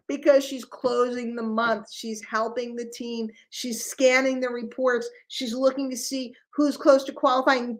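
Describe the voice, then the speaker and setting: High voiced woman from nyc, pumped up, lots of rhetorical questions about selling. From New York City. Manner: animated, quick, rhetorical questions. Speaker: host of a sales group talk. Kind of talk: energetic business talk to a live group.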